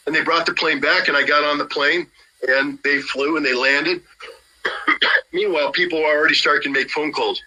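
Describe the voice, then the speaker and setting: A middle-aged man spins an animated story and acts out the voices of the people in it. His voice sits a little high, with a very bright, cutting edge and a husky grain. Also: moderate pace, poor audio. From United States. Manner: lively, acts out dialogue with shifting voices. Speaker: guest telling a story.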